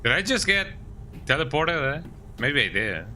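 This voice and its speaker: Bright-voiced male streamer with a cold. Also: on the high side, big pitch swings, moderate pace, slight background noise. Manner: laid-back chatter, tags lines with "eh?". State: sick with a cold. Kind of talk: casual game commentary.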